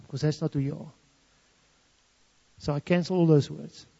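A man's voice: on the high side, steady tone, normal speed, creaky, dark tone. A man from South Africa's Free State with an Afrikaans South African accent, a native Afrikaans speaker, telling a story as a testimony and switching between English and Afrikaans. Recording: dull lo-fi sound in a reverberant hall.

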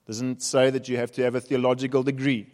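South African preacher in an echoing hall. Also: male voice, mid-range voice, little pitch movement, fairly quick, darkish tone. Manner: conversational, humorous storytelling. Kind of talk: sermon. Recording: reverberant hall.

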